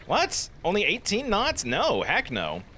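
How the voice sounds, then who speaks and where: A man hosting a casual let's play, giving animated, jokey commentary on a video game. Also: high-pitched, a little slow, a little hiss or hum. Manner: animated, jokey, self-deprecating.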